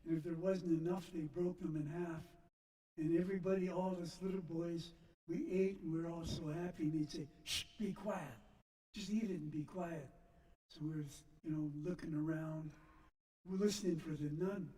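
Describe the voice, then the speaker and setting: Older man, slow and halting, high voice, mellow tone, echoey church from a distance. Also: steady tone. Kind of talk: personal storytelling. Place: church sanctuary.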